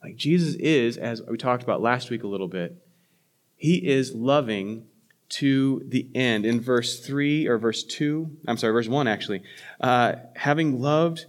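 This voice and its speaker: A man's voice: medium pitch, unhurried. A man, a pastor, preaching a sermon in a conversational way, with frequent fillers, restarts and self-corrections.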